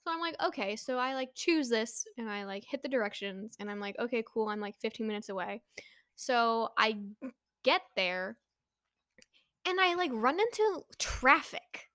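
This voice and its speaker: A woman's voice: on the high side, normal speed, dry recording, clean studio sound. Chatty young woman telling a story. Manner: chatty, animated, lots of fillers, rising to anxious exclamations. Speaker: vlogger. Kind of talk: casual storytime to camera.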